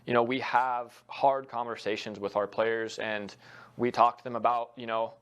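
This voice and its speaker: A man's voice: mid-range voice, little pitch movement, normal speed, a bit bright, clear, resonant tone. A young man, a college soccer head coach, giving earnest, reflective interview answers with frequent fillers.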